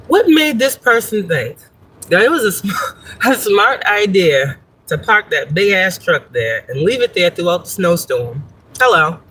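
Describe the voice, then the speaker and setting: Lady livestreaming from her car, cussing and laughing a lot, bright punchy voice, phone camera. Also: fairly low pitch, big pitch swings, moderate pace, pauses often, breathy edge, poor audio. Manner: profane, laughing, chatty storytelling. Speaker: spiritual reader and livestream host. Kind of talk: casual livestream chat.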